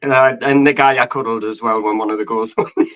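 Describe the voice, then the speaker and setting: Hoarse, hung-over man on a lo-fi call. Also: mid-range voice, fairly even intonation, fast talker, a crowd in the background. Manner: rambling, rough and hung over. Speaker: guest. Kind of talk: casual chat.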